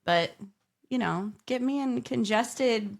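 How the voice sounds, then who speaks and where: A woman's voice: on the high side, slow, creaky. Woman with a nasal voice, chatting. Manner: playful, laughs along. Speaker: podcast co-host. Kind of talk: casual chat.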